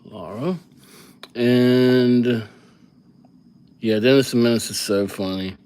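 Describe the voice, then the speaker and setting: A man's voice: mid-range voice, slow, darkish tone, slight background noise. A man hosting a live calligraphy stream, chatting casually and rambling as he thinks aloud between names. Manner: rambling, easygoing, thinks aloud while writing. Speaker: livestream calligraphy host.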